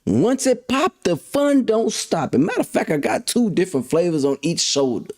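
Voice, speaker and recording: A man hosting his own show, ranting in a casual, slangy monologue that swings between loud outbursts and low mutters. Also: very animated. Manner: slangy, drawn-out emphasis. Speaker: podcast host.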